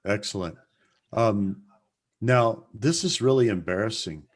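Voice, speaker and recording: A man's voice: fairly low pitch, unhurried. A man moderating a group mentoring call, friendly and self-deprecating. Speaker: session moderator.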